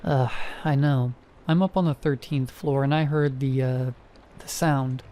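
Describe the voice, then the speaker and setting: A man voicing a middle-aged woman neighbor who talks in a flat, matter-of-fact way in a horror story reading. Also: medium pitch, measured pace, close to an everyday voice.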